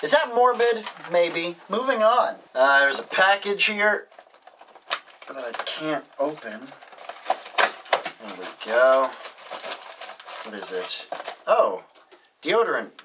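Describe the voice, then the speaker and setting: A man's voice: a little high, big pitch swings, takes it slowly, long pauses, distant mic, background noise. A man vlogging as he opens and reads his fan mail aloud, wry and offhand, swearing casually. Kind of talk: casual vlog, reading letters aloud.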